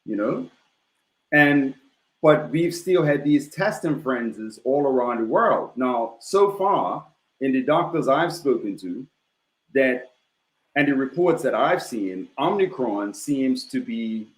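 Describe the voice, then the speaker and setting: A man speaking as a guest on a talk show, measured and steady, with frequent "you know" fillers. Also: mid-range voice. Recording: roomy echo.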